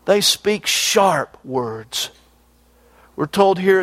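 A man preaching a folksy sermon, reading scripture and then putting it in plain everyday terms. His voice sits fairly high for a man, and he explains things in a down-to-earth way. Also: lively intonation, unhurried, dry recording.

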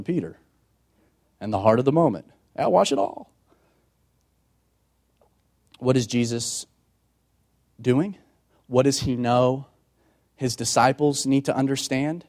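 A man preaching a sermon as a pastor, moving from loud emphatic passages to quiet, hushed ones and acting out voices in quoted dialogue. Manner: dramatic, sweeping from loud emphatic highs to hushed tones.

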